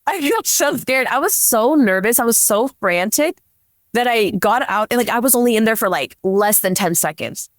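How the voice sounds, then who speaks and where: A woman's voice: fairly high pitch, expressive, moderate pace, no room sound. Chatty young woman, dry close sound. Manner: chatty, leans on "like" constantly. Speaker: police dispatcher guest. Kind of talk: casual storytelling. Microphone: podcast microphone.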